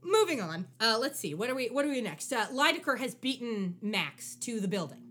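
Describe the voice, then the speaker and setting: A woman's voice: fairly high pitch, a little fast. A young adult woman in a casual chat, wryly recapping a TV episode and acting out lines from it. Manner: animated, wry, acts out lines from the show. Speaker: podcast co-host.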